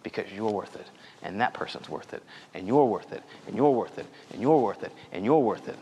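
A man's voice: on the low side, lively intonation, a little fast, creaky, dark tone, in a large hall, lo-fi sound, slight background noise. A young man preaching a sermon in an earnest, conversational way, telling stories from his own life.

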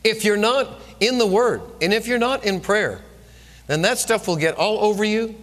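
A man preaching a sermon as pastor, telling a story with lively delivery and repeating phrases for emphasis. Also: high-pitched, normal speed. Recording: long reverb of a large room.

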